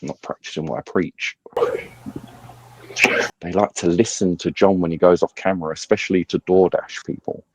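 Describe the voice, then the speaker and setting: A man's voice: low voice, fairly even intonation, moderate pace, pauses often, a little mellow, slight background noise. A man co-hosting a live stream, chatting in an easygoing way and swearing casually.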